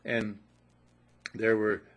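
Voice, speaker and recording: A man's voice: on the low side, level tone, very slow, a bit bright. An older man telling folksy stories in a casual motivational talk, repeating upbeat affirmations. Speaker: motivational speaker.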